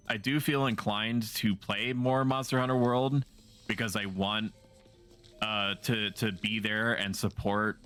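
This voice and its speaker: A man's voice: lowish voice, fairly bright tone. A man livestreaming a video game, chatting casually with his viewers in a playful, rambling way and often poking fun at himself. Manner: playful, rambling, self-mocking jokes. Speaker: streamer. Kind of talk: casual gaming livestream chat.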